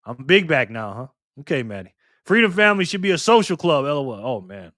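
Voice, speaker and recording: A man's voice: a little high, big pitch swings, a little fast, fairly bright tone, no room sound, studio quality. A man hosting a live stream, casually reading viewer comments and trading teasing, slangy banter with lots of laughter.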